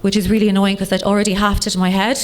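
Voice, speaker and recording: An Irish woman in her late thirties performing a bawdy stand-up set with deadpan punchlines, teasing the crowd. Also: medium pitch, rapid-fire. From Ireland. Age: late 30s. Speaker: stand-up comedian. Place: comedy club stage before a live audience.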